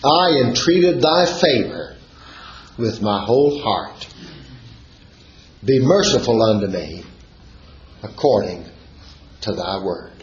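Speaking slowly with long pauses, a man with a lowish, expressive voice reads scripture and explains it verse by verse in a sermon full of fervent, sing-song exclamations. The church recording sounds dull and echoey and carries a little hiss or hum.

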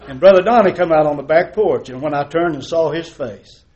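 A man preaching a sermon as pastor. He swings from loud emphasis to hushed tones and uses folksy storytelling and repeated rhetorical questions. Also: on the high side, fairly quick, lo-fi sound, over a noisy crowd, very noisy.

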